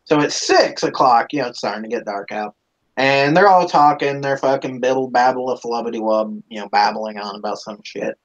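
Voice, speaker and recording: A man's voice: mid-range voice, moderate pace. A man hosting a live stream, casually telling a rambling, profane story with plenty of swearing, on a dull lo-fi recording.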